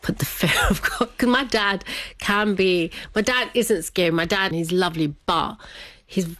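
A woman's voice: medium pitch, moderate pace, fairly bright tone, no room sound. A middle-aged woman, telling a personal story as an interview guest, chatty and laughing often.

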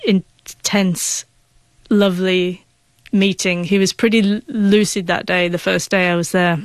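A woman's voice: fairly low pitch, little pitch movement, unhurried, no room sound. A young woman speaks with a noticeable stutter, catching and repeating her first sounds. She tells a personal story as a guest in an interview, earnest and emotional. The sound is dry and close, with no room around her.

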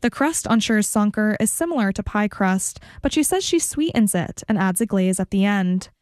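A woman radio reporter narrating a local news feature in a clear, measured delivery. She is recorded dry and close on a studio microphone. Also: medium pitch, lively intonation, darkish tone, dry recording.

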